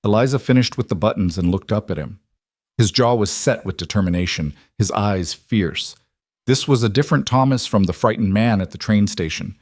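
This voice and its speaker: A man narrating a western romance story in a calm, even storytelling manner. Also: lowish voice, moderate pace, dry recording, clean studio sound. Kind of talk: scripted audiobook narration.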